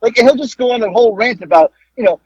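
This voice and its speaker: A man's voice: very high-pitched, very fast, darkish tone, breathy edge, dry recording. A man hosting a podcast, chatting casually and hesitantly with many fillers. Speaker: podcast host. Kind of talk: casual chat. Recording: dull, dry lo-fi audio.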